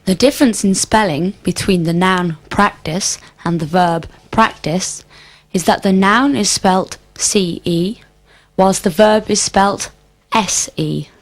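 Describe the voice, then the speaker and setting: A woman's voice: medium pitch, slow. A woman answering in a scripted language drill, repeating each question as a careful full sentence. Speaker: student in drill.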